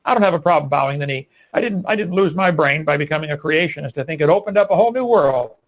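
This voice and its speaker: A man's voice: fairly high pitch, animated, quick pace. A man making emphatic, preachy arguments in a live debate.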